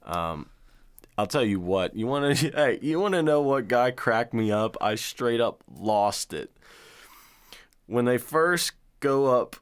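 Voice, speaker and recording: A man co-hosting a horror podcast, talking in easy casual chat. His voice sits at a medium pitch. He sounds excited, swears freely, and laughs while he retells scenes. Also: slow, clear, resonant tone. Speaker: podcast co-host.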